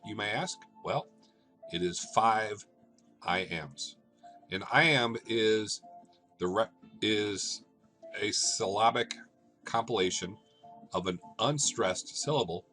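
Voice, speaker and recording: A man teaching a lesson, explaining step by step in short, deliberate phrases and checking in with his listeners as he goes. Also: fairly low pitch, fairly bright tone.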